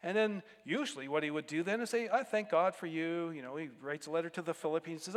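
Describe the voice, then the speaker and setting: A man's voice: fairly high pitch, quick pace, few pauses, in a large hall. A man pastor giving a conversational sermon, breaking into sudden emphatic bursts.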